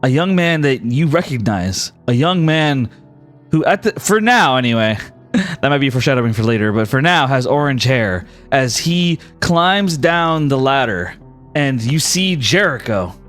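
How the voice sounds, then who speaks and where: A young man narrating a tabletop game as game master, telling the story in an animated way and chuckling now and then. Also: mid-range voice, measured pace, soft background music.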